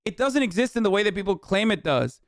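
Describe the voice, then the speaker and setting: A man's voice: sits high, animated, quick pace, no room sound, clean studio sound. A man streaming a heated reaction rant, swearing freely and mocking his critics with sarcasm. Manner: profane, sarcastic, exasperated. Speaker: streamer reacting to clips and chat.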